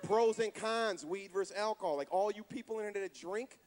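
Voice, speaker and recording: A man's voice: high voice, moderate pace, darkish tone. A man doing a stand-up comedy set on a club stage, brash and profane, baiting the crowd. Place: comedy club stage before a live audience. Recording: live club with audience and noise.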